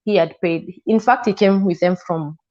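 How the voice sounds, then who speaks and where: A lowish, darkish female voice at moderate pace belongs to a Kenyan woman guest relating her own experiences in an interview. She tells it emotionally, taking on the voices of the people in her account; the audio is slightly muffled and lo-fi.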